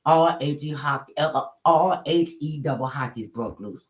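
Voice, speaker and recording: An animated woman telling a story from her own life in casual, colloquial talk. She acts out the voices of the people she quotes. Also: low-pitched, moderate pace, poor audio.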